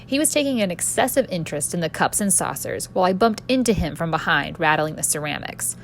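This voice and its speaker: Expressive woman narrating a story. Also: on the low side, fast talker, a little hiss or hum. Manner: expressive storyteller, voicing a cheeky street boy. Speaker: author and narrator. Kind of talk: first-person story narration.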